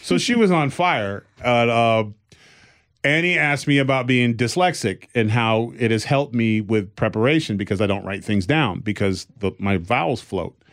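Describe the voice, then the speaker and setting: A man's voice: medium pitch, normal speed, a bit bright. A male comedian telling stories in casual podcast chat, rambling a little and acting out the people he quotes. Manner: rambling, with restarts and fillers.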